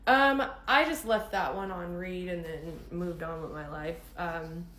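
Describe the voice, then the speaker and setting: A woman's voice: fairly low pitch, unhurried, a bit bright. Woman chatting frankly in an echoey room. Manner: chatty, frank, laughs often, fillers like "like" and "um". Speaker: dating advice vlogger. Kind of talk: casual storytelling to camera.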